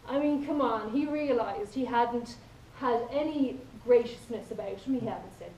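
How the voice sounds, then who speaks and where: A woman's voice: a little high, normal speed, dark tone, a little hiss or hum. A woman with an Irish accent giving a humorous contest speech, telling playful stories and acting out quoted lines. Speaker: contest speaker. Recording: echoey hall from far off.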